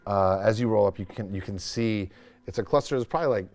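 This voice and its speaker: Low-voiced man casually narrating a tabletop game. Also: quick pace, a little mellow, faint music behind. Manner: casual, rambling, with many restarts. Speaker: game master.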